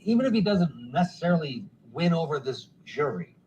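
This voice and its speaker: A man anchoring a television news segment, asking a guest long, measured questions. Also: a little high, big pitch swings, darkish tone, muffled recording, slight background noise. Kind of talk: broadcast interview questions.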